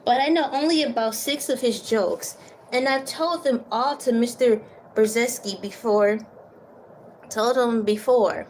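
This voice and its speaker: A woman's voice: a little high, a little slow, a little hiss or hum. A woman reading a children's novel aloud, stopping for casual remarks and stumbling over a few words. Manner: stumbles over words, laughs at her own slips; casual asides between read passages. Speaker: book reader.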